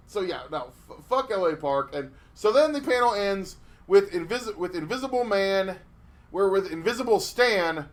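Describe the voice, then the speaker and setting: Animated, cursing male podcast host. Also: high voice. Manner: animated storytelling with profanity and restarts. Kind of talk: casual podcast chat.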